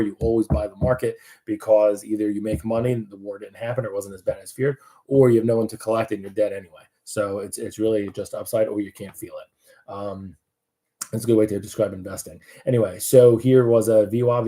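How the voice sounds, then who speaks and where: A man's voice: on the low side, dark tone. A man giving casual live market commentary, chatty and loose, with many fillers and restarts.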